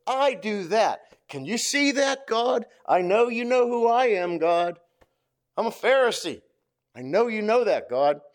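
Self-satisfied Pharisee bragging to God, pitched up high, as a preacher puts him on. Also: male voice, animated, measured pace. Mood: smug boasting. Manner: bragging, repeating himself to God. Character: smug boastful male Pharisee, self-important religious leader.

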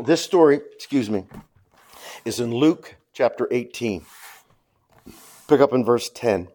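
A man's voice: mid-range voice, expressive, unhurried, long pauses, a little mellow. A man preaching a sermon as pastor, emphatic, repeating his points and checking with the congregation.

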